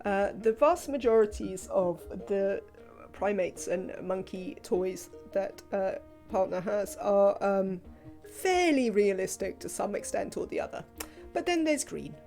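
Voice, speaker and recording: A woman talks her way through a live game stream in a chatty, rambling manner, often pausing on fillers. Her voice sits at a middle pitch, and quiet music plays underneath. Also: lively intonation. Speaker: livestreamer. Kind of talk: casual live gameplay commentary.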